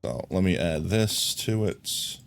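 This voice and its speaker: Male streamer, very low voice, laid-back rambling game chat, faint hiss underneath. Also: slow pace, gravelly. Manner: relaxed, rambling, thinks aloud. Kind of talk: casual gameplay chat.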